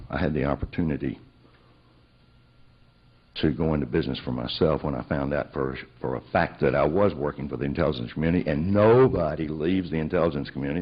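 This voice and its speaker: A man's voice: a bass voice, slightly rough. A man telling a personal story, acting out both sides of remembered conversations. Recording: dull lo-fi recording.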